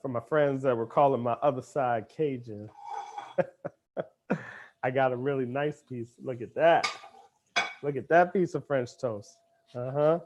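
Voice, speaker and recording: In a kitchen cooking demonstration, a chef talks playfully and chattily while he cooks. He has a medium-pitched, darkish voice.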